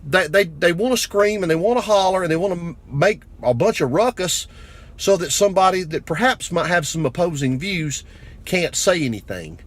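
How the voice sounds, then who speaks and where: A man giving a blunt, crude political rant to camera that builds to shouting anger. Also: high-pitched, expressive, moderate pace. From United States. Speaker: vlogger.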